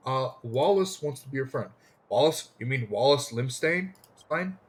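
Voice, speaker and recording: A man's voice: mid-range voice, lively intonation, moderate pace. A man streaming a game live, making jokey, chatty asides to his viewers. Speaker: gaming streamer. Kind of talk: casual live-stream commentary.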